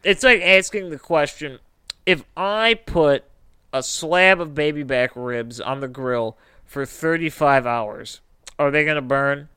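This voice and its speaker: A man's voice: fairly high pitch, unhurried, sharp tone, clear, resonant tone, no room sound. A man co-hosting a podcast in casual, joking chat, swearing freely and drifting into tangents. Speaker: podcast co-host.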